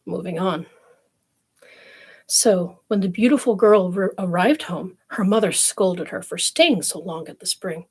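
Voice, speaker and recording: A woman's voice: fairly low pitch, lively intonation, unhurried, husky. A woman streamer reading fairy tales aloud, breaking off for wry, snarky commentary. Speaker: storyteller streamer.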